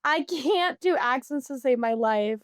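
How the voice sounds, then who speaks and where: A woman's voice: high voice, animated, unhurried, clean tone, dry recording, studio quality. A woman who is a guest on a podcast, chatting casually and giggling often. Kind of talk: casual chat.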